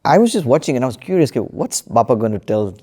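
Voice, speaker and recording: A man telling a story in a relaxed spiritual panel discussion, with plenty of fillers and restarts. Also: mid-range voice, quick pace. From United Kingdom. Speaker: panel speaker.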